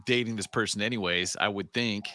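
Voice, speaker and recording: A man in casual podcast chat, hesitant and thinking out loud as he weighs a question. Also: on the low side, fairly quick, no room sound.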